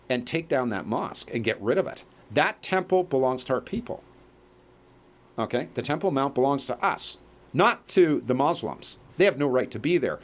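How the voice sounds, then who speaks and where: A man in a rambling monologue to viewers, emphatic and checking in with "okay?" and "eh?". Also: mid-range voice. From Canada.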